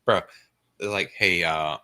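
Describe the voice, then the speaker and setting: A man's voice: sits low, steady tone, measured pace, sharp tone, smooth. A man co-hosting a movie watch-party stream, chatting casually, joking and swearing. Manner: playful, swears, does bits and impressions.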